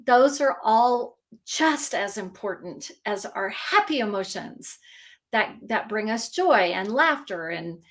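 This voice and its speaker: A woman's voice: mid-range voice, lively intonation, slow pace. A woman talking as an emotions advocate in a casual podcast chat, earnest and reflective, often repeating phrases for emphasis.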